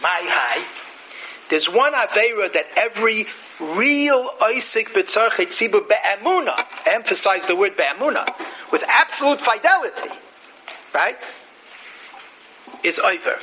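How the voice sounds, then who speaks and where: A man giving an animated Torah lecture. He mixes Hebrew and Yiddish terms into his English and poses rhetorical questions before answering them himself. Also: high voice, unhurried, long pauses, a little hiss or hum, rough recording.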